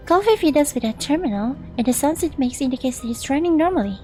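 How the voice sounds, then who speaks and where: High-voiced woman streamer reading a game. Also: lively intonation, fast talker, hardly any pauses, a little mellow, soft background music, rough recording. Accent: Singaporean English. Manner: chatty, reads narration then asides to chat. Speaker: VTuber streamer.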